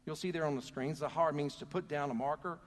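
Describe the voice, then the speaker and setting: A man's voice: a little high, fairly even intonation, fast talker. A man preaching a sermon as pastor, earnest and calling on the congregation to answer back. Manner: earnest, calls out to the congregation for responses. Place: church. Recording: long hall reverb.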